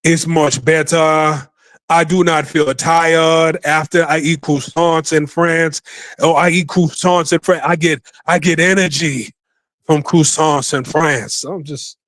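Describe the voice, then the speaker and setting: A man's voice: on the high side, steady tone, slow pace, fairly bright tone, no room sound. A man hosting a podcast, giving rambling, profane casual commentary and repeating himself often. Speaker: podcast host.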